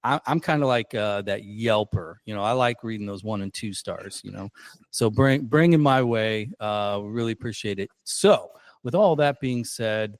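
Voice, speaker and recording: A man hosting a casual podcast in a slightly low voice, rambling through his points with plenty of fillers. He is self-deprecating and loose, recorded close on a dry mic. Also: moderate pace, no echo. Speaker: podcast host.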